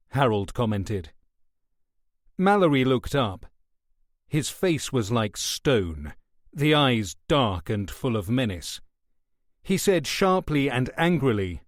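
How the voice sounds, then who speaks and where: A man giving scripted audiobook narration in an expressive storytelling manner. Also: mid-range voice, unhurried, dry recording, studio quality.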